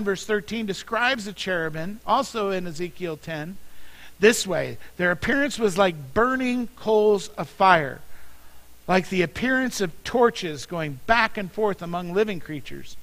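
A man's voice: sits high, fairly bright tone, low-quality recording. A man preaching a sermon as pastor, earnestly reading scripture and repeating words for emphasis.

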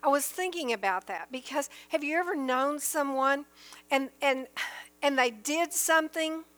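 A woman's voice: sits high, moderate pace, a bit bright. A woman teaching from the Bible in an earnest, emphatic sermon style, reading verses aloud and explaining them.

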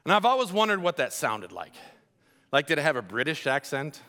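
A man preaching a sermon to a congregation, telling the story with lively asides and acted-out voices. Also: fairly high pitch, brisk. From Colombia. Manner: animated storytelling, acts out voices.

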